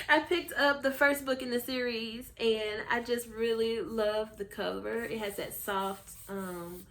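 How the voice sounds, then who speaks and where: A woman's voice: medium pitch, a bit bright. A woman from the United States, a book vlogger chatting casually through a haul with frequent ums and self-corrections, her voice getting worn. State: losing her voice.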